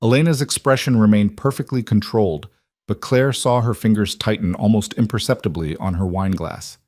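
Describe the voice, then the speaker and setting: A man reading a dramatic romance story as narrator, in a measured, even way. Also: on the low side, no room sound, studio quality. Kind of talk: scripted narration.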